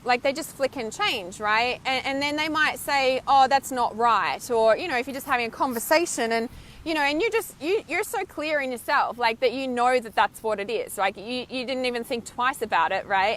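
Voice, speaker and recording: An intuitive healer and mentor speaks to her livestream viewers from a windy outdoor beach, animated and casual, emphatic, swearing now and then, laughing between thoughts and often tossing in "right?" Her high-pitched, fairly bright voice moves a little fast with lively intonation, over a slight hiss or hum.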